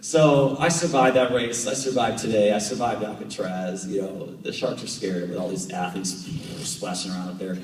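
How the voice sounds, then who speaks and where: An American man in his thirties, a professional triathlete giving a guest talk to a club. He tells animated stories and acts out conversations, with many fillers. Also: lowish voice, moderate pace, few pauses. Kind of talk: storytelling talk to a club audience. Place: club meeting room with audience. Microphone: camera at the back of the room. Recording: echoey hall from far off.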